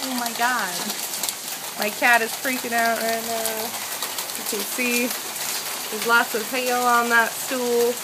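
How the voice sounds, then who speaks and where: A young woman filming a hailstorm on her phone, narrating casually and excitedly, with a lot of swearing and laughter. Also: fairly high pitch, takes it slowly, pauses often. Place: home doorway, hail outside. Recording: loud hail noise behind. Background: hail and rain.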